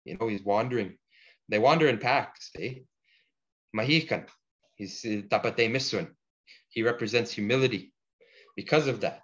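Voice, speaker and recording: A man teaching a language class, patiently explaining word forms and repeating each example slowly for the learners. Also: on the low side, fairly bright tone. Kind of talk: online language lesson. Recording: dull lo-fi audio.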